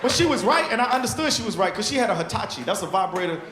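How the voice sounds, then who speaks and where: A man's voice: sits high, very fast. A man in his thirties doing a stand-up set, telling profane stories with lots of energy. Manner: profane, animated storytelling. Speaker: stand-up comedian. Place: comedy club stage. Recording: echoey club with loud crowd noise.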